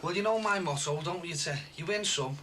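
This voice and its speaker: A man's voice: a little high, a little fast, sharp tone. An actor playing a cocky man who teases and brags about his money. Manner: smug, teasing, boastful. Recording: noisy TV broadcast sound.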